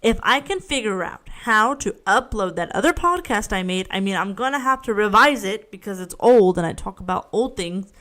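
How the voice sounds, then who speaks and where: A woman's voice: medium pitch, expressive, normal speed, few pauses, fairly bright tone. A woman hosting her own podcast in a casual solo rant, rambling, frank and swearing freely, often poking fun at herself. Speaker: podcast host.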